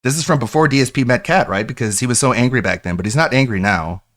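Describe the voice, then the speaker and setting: A man's voice: mid-range voice, quick pace, fairly bright tone. Sarcastic male streamer commentator.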